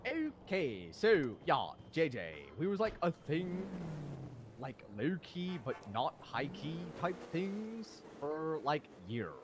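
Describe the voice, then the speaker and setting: Lively slangy young man spinning a yarn. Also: on the high side, takes it slowly, noisy background. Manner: rambling, slangy, animated storytelling. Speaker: streamer playing a role-play character. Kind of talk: in-character role-play storytelling.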